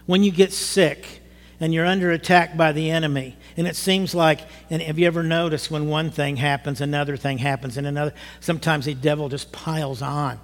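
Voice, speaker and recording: High-voiced man preaching in a reverberant hall. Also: brisk. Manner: animated, rising to emphatic bursts. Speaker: pastor. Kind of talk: sermon. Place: church sanctuary.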